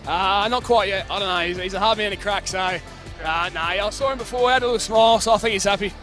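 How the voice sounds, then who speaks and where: A hoarse Australian footballer with a high, bright voice that is nearly worn out. He answers post-match questions in a casual, elated way, with the odd swear. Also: fast, soft background music. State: hoarse, lost voice. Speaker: winning football player.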